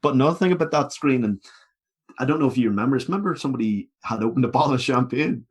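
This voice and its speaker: A man's voice: medium pitch, expressive, very fast, husky. A man with a Northern Irish accent, co-hosting a film podcast and telling stories bluntly, with some swearing. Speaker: podcast co-host. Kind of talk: casual chat.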